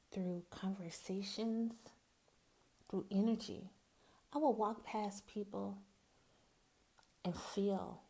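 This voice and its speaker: A woman's voice: medium pitch, vocal fry, mellow. Candid Southern woman with a folksy style. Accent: Southern US (Mississippi). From Mississippi, US. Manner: candid, folksy, calls listeners "baby". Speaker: podcast host. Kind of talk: personal monologue.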